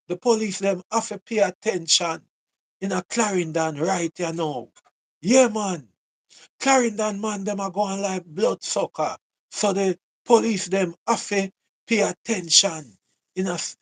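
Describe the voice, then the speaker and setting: A man with a Jamaican accent giving a casual, repetitive commentary monologue, full of rhetorical questions. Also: sits high.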